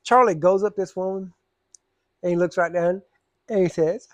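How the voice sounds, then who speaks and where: Man, casual storyteller, higher pitch, dry close sound. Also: steady tone, moderate pace, long pauses, no echo. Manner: rambling, drawling Southern storyteller, acts out voices. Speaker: storyteller vlogger.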